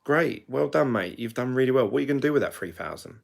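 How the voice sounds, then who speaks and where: A man's voice: mid-range voice, expressive, fast talker, creaky. A middle-aged man from the UK, talking to camera in a chatty, rambling way that often corrects itself. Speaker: crypto vlogger. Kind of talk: casual monologue to camera.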